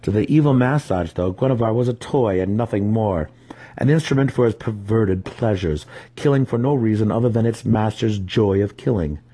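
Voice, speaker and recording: A man reading a fantasy novel aloud, telling the story with steady drama. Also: fairly low pitch, normal speed, slightly rough. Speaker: audiobook reader.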